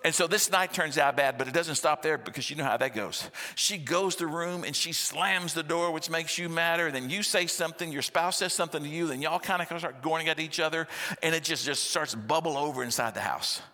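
A man, preaching a sermon in a lively, conversational storytelling style with rhetorical questions, in a church sanctuary. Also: a little high, brisk. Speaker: pastor. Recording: long church-hall reverb.

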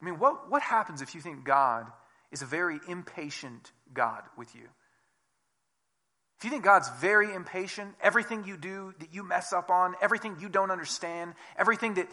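Bright-voiced pastor with a lively delivery. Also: male voice, high voice, moderate pace. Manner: conversational, acts out quoted voices with big swings in volume. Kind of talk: sermon.

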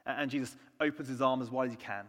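A man from the United Kingdom preaching a sermon, earnest, moving between soft hushed lines and emphatic ones. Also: medium pitch, steady tone, very fast. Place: church. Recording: long church reverb.

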